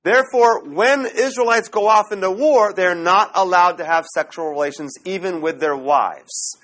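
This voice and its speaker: A man teaching a Bible class in a classroom lecture style, animated and often checking in with the class. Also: high-pitched, normal speed.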